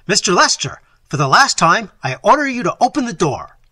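A man voicing a stern, authoritative doctor who speaks loudly and commandingly. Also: medium pitch, sing-song, moderate pace, slightly rough, dry recording. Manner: loud, commanding, clipped. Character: stern authoritative male doctor, middle-aged.

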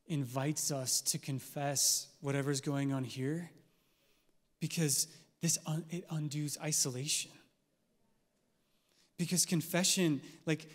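A man giving an earnest, conversational sermon as a pastor, with casual filler words. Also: on the high side. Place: church hall. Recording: long church-hall reverb.

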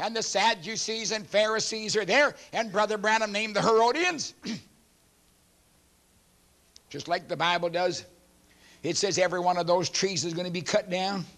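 A man in his seventies, a pastor preaching a sermon emphatically and clearing his throat often. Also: high-pitched, a bit bright. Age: 70s.

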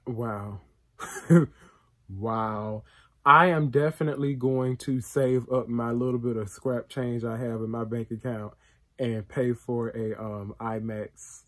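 A man hosting a reaction video, talking in a casual, excitable and emotional way with plenty of slang. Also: mid-range voice, a little slow.

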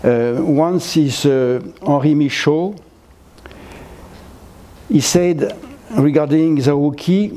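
Slow, hesitant French-accented older man. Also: a little high, mellow. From France. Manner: halting, many fillers and restarts. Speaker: guest lecturer. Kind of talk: gallery lecture. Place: lecture hall, seated.

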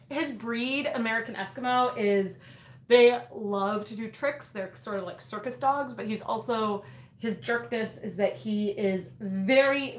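A woman in her thirties hosting a casual craft livestream, rambling with lots of fillers and restarts. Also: on the high side. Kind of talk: casual live chat. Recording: echoey room.

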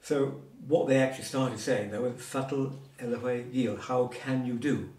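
A man speaks a little slowly in a slightly mellow, mid-range voice with fairly even intonation. He's giving an informal one-on-one Cornish lesson, patiently explaining words through asides and examples. The audio sounds roomy and distant.

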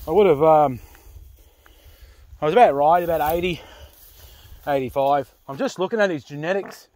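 An Australian man talking casually to camera outdoors, rough-spoken and swearing freely, out of breath from hauling a load. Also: a little high, normal speed, pauses often, a little mellow. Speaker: pig hunter. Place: outdoors in the bush.

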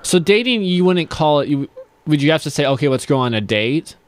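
A man's voice: on the high side, animated, brisk, no echo. Rambling, teasing male podcast host. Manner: teasing, rambling, stammers and restarts. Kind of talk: casual chat. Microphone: studio mic.

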